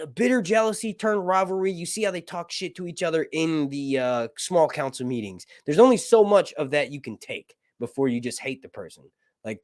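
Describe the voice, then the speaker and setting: Male live-stream reviewer with a bouncy, animated delivery, loose and jokey, recorded dry and close. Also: fairly high pitch, no room sound. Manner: rambling, crude jokes, frequent laughter. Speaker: livestream show reviewer. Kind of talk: casual live-stream chat.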